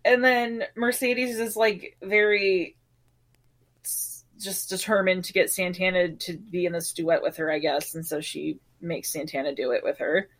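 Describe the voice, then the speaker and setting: A woman's voice: fairly low pitch, fairly even intonation, a little slow. Young woman co-host, casual recap chat, giggly, mimics characters' lines. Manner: chatty, laughs often, acts out characters' lines. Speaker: podcast co-host.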